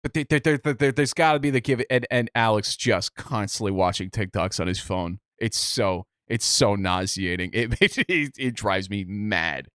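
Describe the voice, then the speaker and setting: A man's voice: on the low side, moderate pace, few pauses, fairly bright tone, clear, resonant tone, no room sound, clean studio sound. A man co-hosting a podcast, telling a long story in casual chat, rambling with many restarts. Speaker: podcast co-host.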